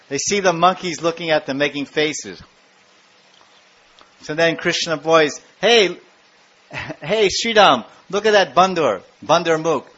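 A man tells devotional stories with lively energy, acting out the scenes and putting asides to his listeners. His voice sits somewhat high for a man. The recording sounds dull and lo-fi. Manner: animated storyteller acting out scenes, with asides to the audience. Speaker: spiritual speaker. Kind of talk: devotional storytelling talk.

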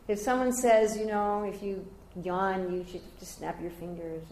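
An older woman giving a devotional scripture class, telling stories lively and raising her voice high whenever she quotes others. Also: a little fast, few pauses. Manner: animated storyteller, jumping high when quoting others. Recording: roomy echoey room.

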